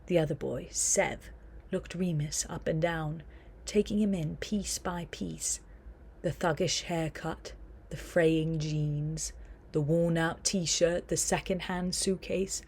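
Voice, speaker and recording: A woman narrating an audiobook in a steady storytelling manner. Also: deep voice, slow pace, breathy edge.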